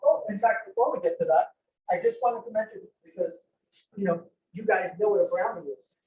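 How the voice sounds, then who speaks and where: A man's voice: high voice, brisk, darkish tone, far from the mic, poor audio. Playful man presenting to a room. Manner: playful, jokey, teasing the audience. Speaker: presenter of antique inventions. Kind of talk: lively show-and-tell presentation. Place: senior center room.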